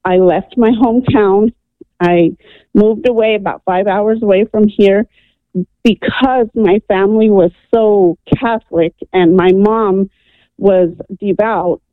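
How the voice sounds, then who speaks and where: A woman from New Mexico calls in to a radio show to give earnest testimony about a personal story, often saying um. Her mid-range voice is steady and slow. The audio comes through a telephone, sounding tinny and dry with no echo.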